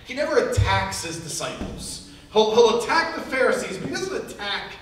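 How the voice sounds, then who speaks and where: A man's voice: high voice, big pitch swings, normal speed, fairly bright tone. A man preaching a casual sermon, talking conversationally with fillers and restarts and chuckling as he tells a joke. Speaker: pastor. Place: church hall. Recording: echoey hall from far off, faint noise.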